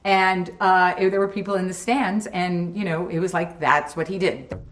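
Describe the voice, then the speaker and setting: A woman recounting a studio incident in a lively storytelling manner. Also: lowish voice, moderate pace, echoey room. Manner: lively, acts out quoted voices. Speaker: interviewee recalling a studio incident. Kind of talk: anecdotal storytelling.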